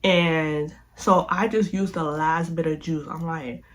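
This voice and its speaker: Animated young adult telling a story. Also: medium pitch, slow. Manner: animated, slangy, with lots of filler sounds. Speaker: vlogger. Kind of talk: casual storytime vlog.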